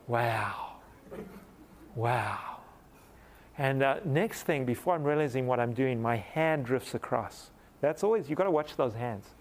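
A middle-aged man preaching, telling a personal story in a lively, animated way that rises into excited laughter. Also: mid-range voice, slight background noise. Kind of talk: storytelling sermon.

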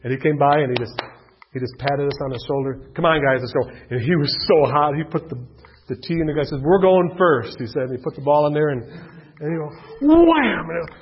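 A middle-aged man telling a personal faith story in a rambling, animated way, with many restarts. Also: a little high, slight background noise. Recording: dull lo-fi recording.

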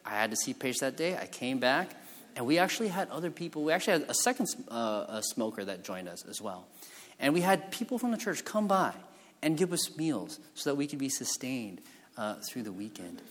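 A man's voice: mid-range voice, big pitch swings, brisk, a bit bright. A man, a physician, telling a story during a talk, with lots of fillers and restarts. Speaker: physician giving a conference talk. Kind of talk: storytelling presentation. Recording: hall reverb from a lecture room.

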